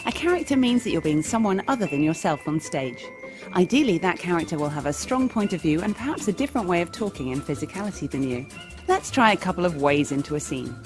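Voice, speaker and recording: A woman teaching improv comedy in a bright, demonstrative instructional narration. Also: fairly low pitch, lively intonation, fast talker, music in the background. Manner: bright, demonstrative, sing-song.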